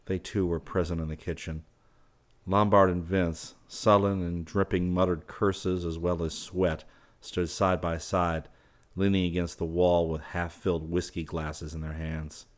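A man narrates an audiobook in a steady, measured way. His voice is very low and even. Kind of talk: audiobook reading.

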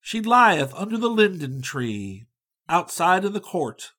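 A man voicing a sympathetic old village woman in a storybook, shrill and sighing. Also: sing-song, measured pace, bright, forceful tone, husky, full character voice.

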